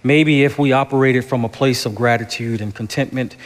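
A man's voice: medium pitch, fairly even intonation, a little fast. A man preaching a sermon as a pastor, with emphatic, rhythmic repetition, in a church sanctuary. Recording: long church reverb.

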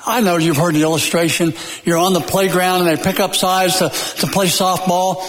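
A man preaching a sermon in a church, emphatic and folksy, repeating phrases with dramatic pauses and joking now and then. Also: sits high, level tone, fairly bright tone. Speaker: pastor. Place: church sanctuary. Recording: long hall reverb.

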